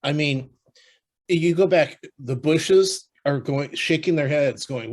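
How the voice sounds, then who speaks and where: A man co-hosting a podcast in casual chat, talking in halting bursts with many restarts and fillers. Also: on the high side, a little mellow. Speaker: podcast co-host.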